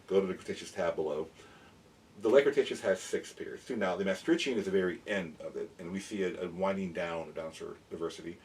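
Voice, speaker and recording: A man eagerly explaining dinosaurs in a casual show-and-tell, rambling with quick restarts as he holds up figures. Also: low voice, darkish tone. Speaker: dinosaur educator and toy collector. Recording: mic at a distance, faint background noise.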